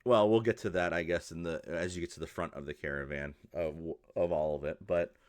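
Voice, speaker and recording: A man narrating as game master, with a fairly low voice. His descriptions ramble loosely, with lots of "like" and restarts. The sound is dry and close to the mic. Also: steady tone, a little fast, dry recording. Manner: rambling, many fillers and restarts.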